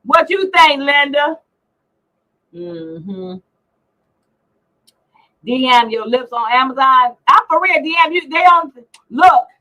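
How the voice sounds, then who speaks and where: A woman's voice: sits high, lively intonation, takes it slowly, long pauses, sharp tone, low-quality recording. A middle-aged woman hosting a casual livestream chat, teasing and brash as she reads out comments. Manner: brash, teasing, salty language. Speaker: livestream host.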